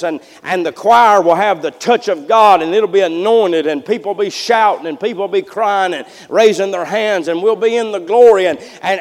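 Male pastor, high tenor voice, folksy sermon delivery full of restarts, church reverb. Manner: folksy, repetitive restarts, swings from hushed to loud. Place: church sanctuary. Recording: long hall reverb.

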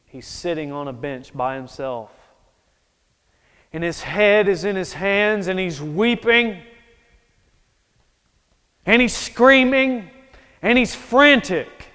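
A male preacher delivering a sermon as a dramatic story, swinging from hushed to loud. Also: high-pitched, expressive, takes it slowly, long pauses, clear, resonant tone. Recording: echoey hall.

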